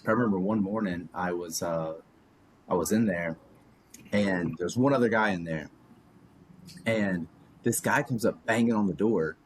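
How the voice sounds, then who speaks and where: A man's voice: low voice, normal speed, pauses often, a little hiss or hum. A man in his thirties, a podcast guest, rambling through anecdotes in casual chat with lots of "like" and chuckles. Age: 30s.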